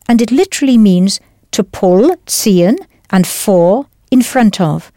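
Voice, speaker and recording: A woman teaching a language lesson in a clear, patient, encouraging scripted voice. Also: mid-range voice, lively intonation, a little slow, dark tone, no room sound, studio quality.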